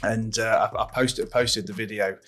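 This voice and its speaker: A man's voice: lowish voice, steady tone, normal speed, a bit bright, faint music behind. A man hosting a podcast, telling a long personal story with lots of repeats, restarts and swearing. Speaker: podcast host. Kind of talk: casual interview chat.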